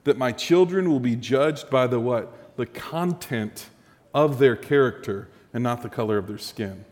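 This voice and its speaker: A male pastor preaching a sermon with lively rhetorical questions to his congregation. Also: mid-range voice, a little slow, big-room sound.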